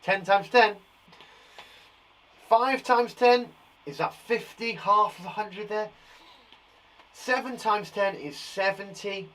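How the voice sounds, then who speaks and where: A young man leads a live maths lesson for small children, his voice sitting a little high for a man. He reassures them often and works each sum out aloud. His manner is warm and encouraging. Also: slow pace, long pauses, slight background noise. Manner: encouraging, reassuring, thinks aloud while counting. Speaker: teacher.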